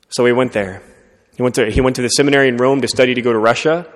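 A man preaching a sermon, telling a story in an earnest, conversational way and often dropping to a soft voice. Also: medium pitch, steady tone, rapid-fire. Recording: long reverb of a large hall.

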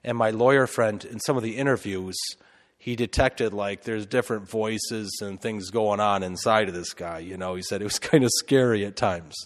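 A man's voice: fairly low pitch, normal speed, long reverb tail. A man, a priest, telling a loose, conversational story in a homily, full of fillers and asides.

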